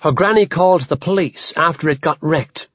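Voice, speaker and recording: A man reading an audiobook, expressive and giving each character a voice. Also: on the high side, normal speed, no echo. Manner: expressive, voicing many characters. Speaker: narrator. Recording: slightly dull recording.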